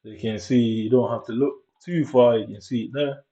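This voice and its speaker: A man's voice: mid-range voice, fairly even intonation, a little fast, dark tone. Man, young adult, casual vlog storytelling, rambling with tag questions, slightly muffled recording. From Jamaica. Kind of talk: casual storytelling vlog, walking tour of his old school.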